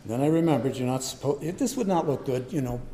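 A man's voice: mid-range voice, animated, quick pace, dark tone, slight background noise. An older man preaching a sermon, telling a personal story in a conversational way. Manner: storytelling, conversational, acts out voices. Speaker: pastor.

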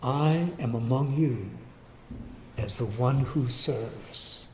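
A man preaching a sermon, swinging from quiet, low passages to loud, emphatic bursts. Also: takes it slowly, slight background noise. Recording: echoey room.

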